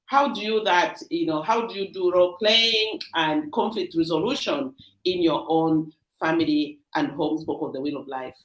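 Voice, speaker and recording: Woman coach, lowish voice, encouraging, questions guest, roomy echo. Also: normal speed. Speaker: coach and host. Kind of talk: livestream interview.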